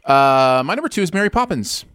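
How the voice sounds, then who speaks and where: A man's voice: a little high, sing-song, fairly quick, a bit bright, clear, resonant tone, no room sound, clean studio sound. A man hosting a casual podcast chat about favourite films, talking enthusiastically. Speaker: podcast host.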